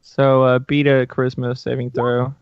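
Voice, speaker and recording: A man's voice: medium pitch, monotone, moderate pace, slight background noise. A man playing a tabletop game, chatting casually and explaining his spells in a laid-back way. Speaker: player. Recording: dull lo-fi stream audio.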